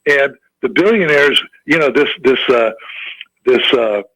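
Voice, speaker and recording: A man's voice: mid-range voice, measured pace, a bit bright, no echo, rough recording. A man calling in to a talk radio show, speaking casually with frequent stumbling restarts. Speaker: caller. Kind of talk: casual call-in chat.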